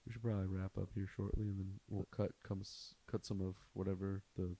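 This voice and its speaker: A man's voice: sits low, brisk, slightly rough. A young adult man, a comedian hosting a podcast, telling a rambling story in casual chat and acting out the people in it. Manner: rambling, animated storyteller who acts out quotes.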